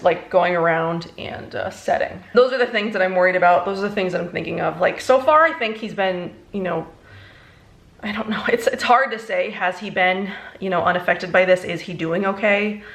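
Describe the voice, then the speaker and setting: A young woman, a beauty vlogger, chatting casually through a makeup tutorial, rambling and halting, emotionally worn out. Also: fairly low pitch, gravelly. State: emotionally exhausted.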